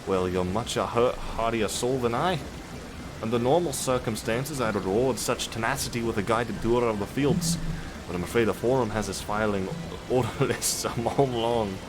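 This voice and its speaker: A man's voice: moderate pace, noisy background, close to an everyday voice. A man reading game dialogue aloud as an overworked male farm laborer, trying for an Irish or Scottish lilt. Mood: cheery. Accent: attempted Irish or Scottish lilt. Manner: louder, higher and brighter than his own voice.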